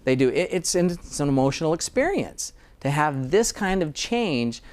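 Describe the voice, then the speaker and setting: A man's voice: a little high, big pitch swings, moderate pace, a little mellow. A dentist in conversation, speaking earnestly and often repeating words as he starts a thought. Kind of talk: conversational interview.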